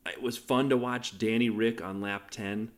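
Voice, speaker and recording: A podcast co-host with a lowish, steady voice and normal speed chats casually through a race recap, jumping from one moment to the next.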